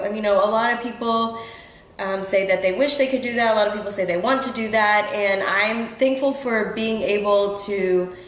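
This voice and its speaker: A woman's voice: mid-range voice, echoey room, poor audio. A woman hosting her own show, talking earnestly and casually to her listeners, with frequent ums and restarts. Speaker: podcast host. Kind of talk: casual talk to the audience. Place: home room in Houston.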